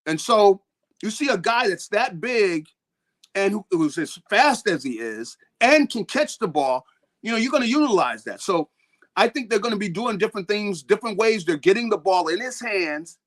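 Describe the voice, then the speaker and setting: A man gives football analysis as a talk-show guest. He rambles, stumbling over repeated words and starting sentences over, and his voice sits on the high side. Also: sing-song, normal speed, fairly bright tone. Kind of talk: sports talk interview.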